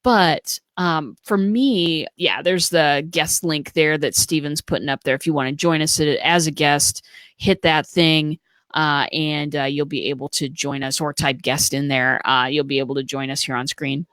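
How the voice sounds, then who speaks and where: An American woman co-hosting a casual live stream speaks in a deep voice with fairly even intonation, a moderate pace and a fairly bright tone. She offers earnest, practical advice full of fillers, and the recording has no room sound.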